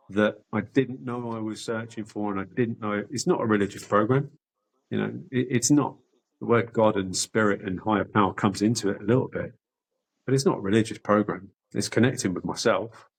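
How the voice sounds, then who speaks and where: A man's voice: lowish voice, normal speed, poor audio. A middle-aged man telling his personal story candidly as a podcast guest, swearing often and restarting sentences.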